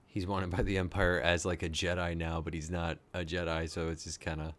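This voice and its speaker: Man, deep voice, tired late-night host, excitable fan, live reaction commentary. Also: brisk. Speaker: show host.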